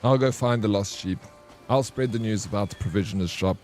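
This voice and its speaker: A man's voice: on the low side, fairly quick, a little mellow, faint music behind. A man giving casual, chatty gaming commentary, swearing freely and answering his chat. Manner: chatty, swears casually, calls viewers bro; reacts to chat messages. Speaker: gaming streamer.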